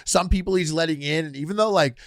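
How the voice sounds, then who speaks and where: Animated swearing man telling a story. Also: on the high side, fast, no echo, studio quality. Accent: Canadian. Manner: animated, swearing, acts out quoted people. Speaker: podcast co-host. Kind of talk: casual storytelling chat.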